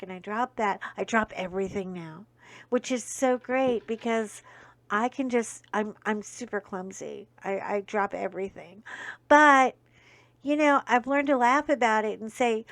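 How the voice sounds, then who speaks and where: A woman's voice: fairly high pitch, no echo. Chatty middle-aged woman rambling on. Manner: chatty, rambling storytelling with frequent asides. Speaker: host. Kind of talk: casual chat vlog.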